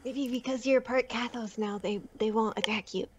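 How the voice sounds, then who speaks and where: A woman's voice: a little high, steady tone, moderate pace, noisy background. A woman playing a tabletop game, anxious and insistent. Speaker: player. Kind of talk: casual tabletop play.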